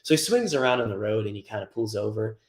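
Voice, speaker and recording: A man who tunes cars, a guest on the show, telling a wild shop story in a casual, profane, animated way. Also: lowish voice, quick pace, roomy sound. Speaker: guest, car tuner.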